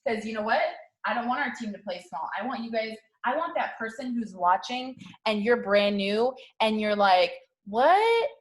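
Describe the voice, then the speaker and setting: High-energy woman coaching her sales team. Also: normal speed. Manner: high-energy, repetitive, slangy, keeps asking "okay?". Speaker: network marketing team leader. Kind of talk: motivational talk to camera.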